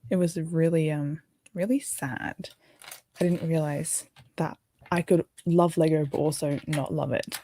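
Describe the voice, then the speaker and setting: A woman's voice: low-pitched, fairly even intonation, measured pace, warm tone. A tired young Australian woman hosting an early-morning livestream, rambling casually and answering viewer comments as she builds. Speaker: livestream host.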